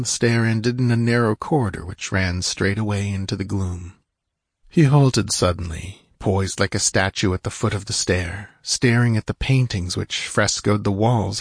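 A man reading an adventure story aloud in steady scripted narration, lifting his voice for shouted lines. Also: husky, no echo, clean studio sound. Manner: steady storytelling, raising pitch and volume for shouted dialogue. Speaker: audiobook narrator.

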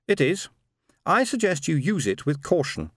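A man's voice: a little high, sing-song, normal speed, a bit bright, dry recording, clean studio sound, voice pushed up. A man playing a blunt machine mind. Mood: cool. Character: brusque, powerful machine mind controlling robots.

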